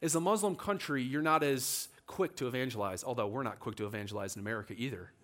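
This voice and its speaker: A man's voice: mid-range voice, quick pace. A man preaching a sermon in a church, telling a story with animation and acting out the voices of the people in it. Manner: animated, acts out quoted voices.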